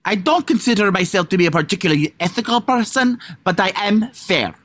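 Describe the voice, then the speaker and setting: A man imitating a haughty woman with a thick Eastern European accent, delivered slowly and theatrically. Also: on the high side, bright, forceful tone, husky, full character voice. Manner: slow, drawn-out, theatrical delivery. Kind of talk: casual comedic impression.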